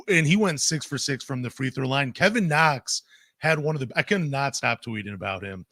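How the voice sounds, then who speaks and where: A man co-hosting a basketball podcast, talking in an excitable, animated way that swings between loud bursts and quieter asides. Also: fairly high pitch, no echo, studio quality. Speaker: podcast co-host. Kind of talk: casual sports podcast chat.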